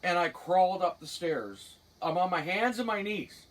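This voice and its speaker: A woman's voice: lowish voice, lively intonation, moderate pace, far from the mic. A middle-aged woman with a Cape Breton accent, telling a personal story in a blunt, salty way with chuckles. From Cape Breton, Canada. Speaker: storyteller guest. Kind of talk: casual spoken anecdote.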